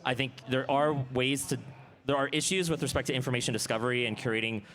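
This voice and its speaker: A man's voice: medium pitch, fast, fairly bright tone. A man speaking as a panelist at a conference, thinking aloud and often repeating words as he starts a sentence. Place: conference hall.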